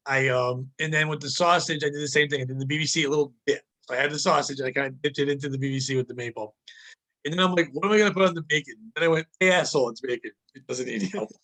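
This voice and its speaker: High, bright-voiced profane podcast host. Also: male voice. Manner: profane, animated, ranting. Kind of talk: casual comedic podcast chat, ad read.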